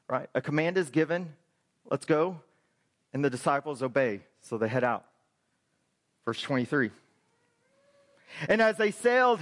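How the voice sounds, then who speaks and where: Male pastor, very high voice, emphatic sermon delivery, rhetorical questions to the pews. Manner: emphatic preaching, asks the congregation rhetorical questions. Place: church.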